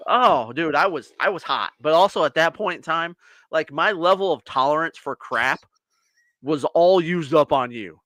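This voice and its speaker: A bright-voiced American man, a podcast co-host, tells stories in casual chat with a fairly high pitch at a moderate pace. He's animated and acts out the people he quotes. There's no room sound.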